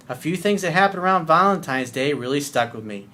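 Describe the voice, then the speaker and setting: A man's voice: a little high, expressive, normal speed, sharp tone. A man working as a dating coach, reading listener emails aloud and answering them bluntly with profanity and mocking put-on voices. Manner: acts out whiny pleading voices for mockery.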